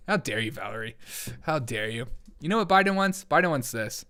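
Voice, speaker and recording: A man's voice: mid-range voice, lively intonation, normal speed, pushed and bright. A man in his forties hosting a comedy commentary show, reacting to chat with jokey, sarcastic asides. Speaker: host.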